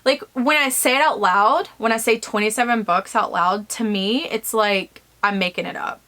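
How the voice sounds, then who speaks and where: A woman's voice: on the high side, normal speed, bright, forceful tone. Woman author talking straight to camera. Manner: frank, rambling, many fillers like "like". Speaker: self-published author. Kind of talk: candid vlog talk to camera. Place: home office, alone.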